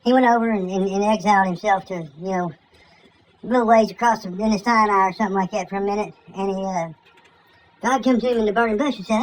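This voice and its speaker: Over a faint hiss, a woman with an ordinary female pitch turns scripture into a crude, profane comic story, packed with slang and rambling asides. She talks fairly quickly, and the audio is poor.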